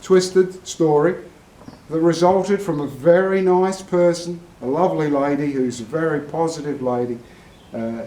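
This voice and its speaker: An Australian man and regular vlogger, telling a long, rambling anecdote to camera in a meandering, unhurried way. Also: on the high side, mellow. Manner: slow, meandering storyteller. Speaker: vlogger, horse owner. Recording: roomy echo, from far off the mic.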